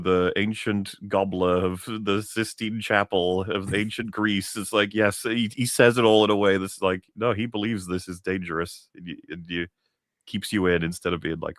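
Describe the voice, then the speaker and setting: A man's voice: low voice, steady tone, moderate pace, a bit bright, no room sound, clean studio sound. A man co-hosting a review stream, chatting enthusiastically with restarts and swearing. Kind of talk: casual chat.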